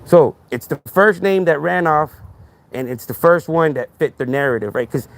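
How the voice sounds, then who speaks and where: A man's voice: fairly high pitch, normal speed, creaky. A man hosting a podcast in a casual monologue, talking emphatically, repeating himself and asking "right?" again and again. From Texas. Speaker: podcast host.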